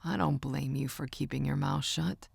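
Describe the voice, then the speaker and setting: Low-voiced, soft-spoken uncle for an audiobook, a woman reading him, gravelly and dry. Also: steady tone, moderate pace, dry recording, heavily acted. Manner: low, hushed and comforting. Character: gruff gentle uncle, older man, soft-spoken. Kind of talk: audiobook character voice.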